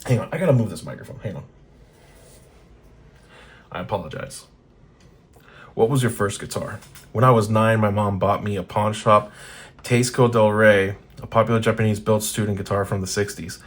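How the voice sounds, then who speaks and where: Profane, blunt man with a lowish voice. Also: moderate pace, pauses often. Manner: profane, laughing often, blunt. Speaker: guitar channel host. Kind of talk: casual commentary reading old magazines.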